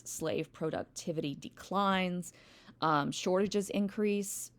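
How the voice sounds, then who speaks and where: Woman teacher, lecture, low voice, gravelly, wry, rambling, lots of ums. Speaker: history teacher. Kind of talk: recorded classroom lecture. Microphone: home recording, textbook open nearby.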